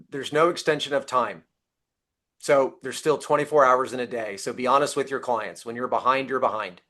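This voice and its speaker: A man speaks as a panel guest, handing out blunt advice in an emphatic, coach-like way. His voice is mid-pitched for a man, and he keeps checking in with his listeners. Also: bright, forceful tone. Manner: emphatic, coaching tone, frequent "right?" tag. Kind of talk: casual panel discussion.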